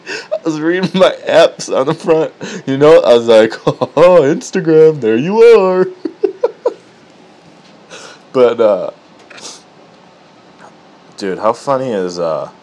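A man spins a comedic story, cursing freely and breaking into laughter. His pitch swings widely while the pace stays unhurried and drawn out. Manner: animated, profane, laughing at his own story.

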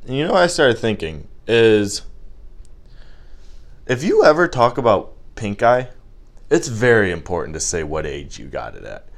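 A man's voice: lowish voice, normal speed, pauses often. Joking man ranting into a home mic. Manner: animated, joking, acts out quoted voices. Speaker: solo podcast host. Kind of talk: casual comedic rant. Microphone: home microphone wrapped in cotton.

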